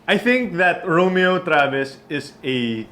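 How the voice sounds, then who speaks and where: A man with a Filipino accent co-hosting a casual basketball talk show, animated and prone to repeating words while he thinks. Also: sits high, slow pace, slight background noise. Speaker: podcast co-host.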